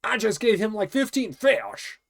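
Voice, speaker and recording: A woman's voice: mid-range voice, sing-song, measured pace, vocal fry. A woman streamer giving casual game commentary, chatty and playful, full of asides.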